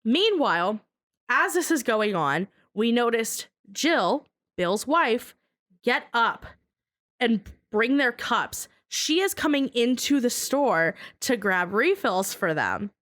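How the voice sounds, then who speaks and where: A young woman tells a story as a podcast guest, her voice sitting a bit high. She talks in an animated, casual way and swears freely. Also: takes it slowly. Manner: animated, swears freely, acts out other people's lines.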